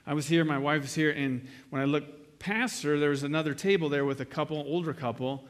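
A middle-aged male pastor delivering a sermon in a loose, conversational way, slipping into playful acted-out exchanges. His voice sits a little higher than most men's. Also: steady tone, fairly quick. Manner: conversational, acts out quoted exchanges with humor.

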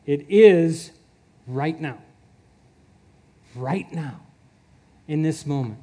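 A man's voice: mid-range voice, lively intonation, takes it slowly, pauses often, warm tone. A man preaching a sermon in an earnest way, chuckling often and repeating his words.

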